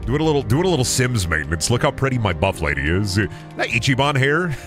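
A man streaming a video game, talking crudely and excitably and laughing often. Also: medium pitch, fast. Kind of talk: casual gameplay commentary. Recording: music playing behind the voice.

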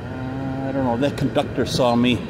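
A man vlogging outdoors beside railroad tracks, muttering to himself between excited exclamations as trains pass. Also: mid-range voice, moderate pace. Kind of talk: casual handheld vlog narration. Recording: outdoor noise of passing trains. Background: passing freight train and city ambience.

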